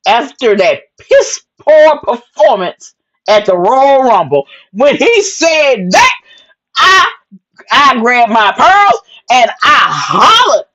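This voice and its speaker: A woman hosting a wrestling recap show, telling the action in a sassy, lively way with plenty of "honey" asides and acted-out quotes. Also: sits high, slow, highs cut off. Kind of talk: excited casual wrestling recap.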